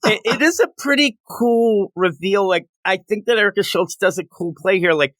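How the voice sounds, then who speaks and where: A man's voice: high voice, moderate pace, no echo. A man co-hosting a comic book review show, talking casually and rambling with frequent restarts. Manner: rambling, animated, with many restarts.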